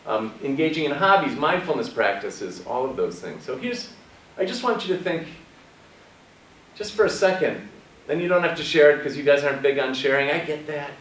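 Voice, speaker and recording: A man giving a conversational presentation to high school students, asking them questions. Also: animated, moderate pace, a bit bright. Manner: conversational, asks the audience questions. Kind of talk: presentation talk. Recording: echoey room, far from mic, faint noise.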